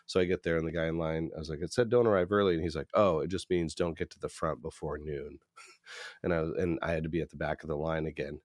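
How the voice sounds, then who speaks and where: A man's voice: little pitch movement, quick pace, no room sound, clean studio sound. A young man co-hosting a podcast in casual chat, telling stories with laughs and putting on voices for the people he quotes. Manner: laughing storyteller, acts out quotes in higher voices. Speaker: podcast co-host.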